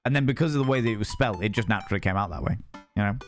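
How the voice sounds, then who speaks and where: A man's voice: on the low side, rapid-fire, faint music behind. A man casually playing a dating game on stream, reading the text aloud and rambling to chat.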